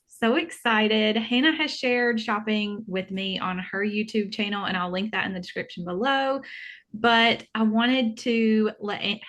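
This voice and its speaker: A woman's voice: on the high side, a bit bright. A woman with a Southern American accent hosting her planner channel, chatting upbeat and giggly while shopping online with a friend. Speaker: planner vlogger, channel host. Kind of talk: casual online shopping chat.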